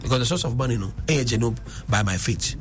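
A man's voice: mid-range voice, expressive, fast, soft background music. A man, rambling in a casual discussion and switching between languages. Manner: rambling, restarts and code-switching.

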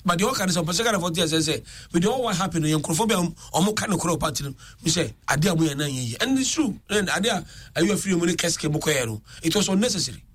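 A man talks politics on the radio, his voice riding high and his words tumbling out quickly. He swings between English and Twi in an excitable, commentary-driven delivery. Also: slightly rough.

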